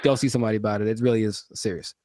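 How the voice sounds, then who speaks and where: A man co-hosting a casual podcast, rambling and animated with frequent laughter. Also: lowish voice, racing, no room sound, studio quality. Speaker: podcast co-host.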